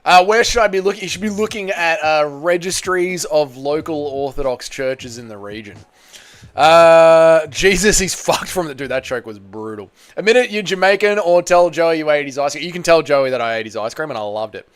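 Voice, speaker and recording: A man's voice: fairly high pitch, expressive, moderate pace. A man hosting a casual fight watchalong stream. He reads out chat messages and swears freely. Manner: loose and profane, bursts into shouts at big moments. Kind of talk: casual live-stream commentary and chat reading.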